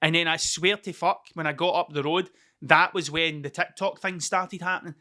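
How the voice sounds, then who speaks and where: A Scottish man in his thirties talks alone into his podcast mic. His voice sits high and rings with a bright, forceful edge. He rambles through a story, swearing constantly and circling back over his own phrases. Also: steady tone, normal speed. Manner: rambling, heavy swearing, repeats himself. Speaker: podcast host. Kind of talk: casual solo storytelling monologue.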